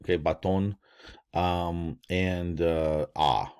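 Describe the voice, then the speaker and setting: A man's voice: deep voice, fairly even intonation, slow pace, darkish tone, clear, resonant tone. An older man teaching a casual language lesson, rambling with lots of fillers and restarts. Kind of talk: casual screen-share lesson.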